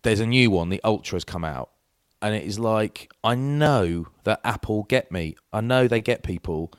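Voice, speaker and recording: Man, middle-aged, deep voice, dry mic, rambling casual storytelling. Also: animated, moderate pace, smooth, no room sound. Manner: rambling anecdotes with self-interruptions. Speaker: podcast co-host.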